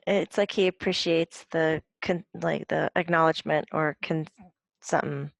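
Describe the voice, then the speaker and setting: Woman medium, low, slow, hesitant, dry recording. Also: steady tone, gravelly, no room sound. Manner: hesitant, many ums, laughs often. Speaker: psychic medium. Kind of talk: relaxed conversational channeling.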